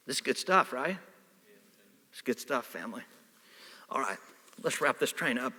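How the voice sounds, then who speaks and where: Preacher, male, animated sermon delivery, bright and sharp, recorded in an echoing hall. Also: medium pitch, moderate pace, pauses often. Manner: animated, swings from hushed to shouting. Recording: reverberant hall.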